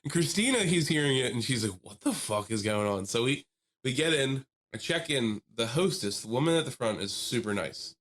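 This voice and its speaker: A man co-hosting a podcast, telling a long story in casual chat with lively animation, often laughing and mimicking the people he quotes. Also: mid-range voice, fairly quick. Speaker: podcast co-host.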